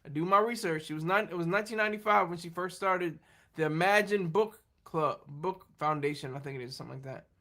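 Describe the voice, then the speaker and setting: Man, casual stream chat, high voice, bright tone, rambling, laughs a lot. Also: fast. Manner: rambling, laughing, self-deprecating; reads and answers viewer chat. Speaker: livestream host.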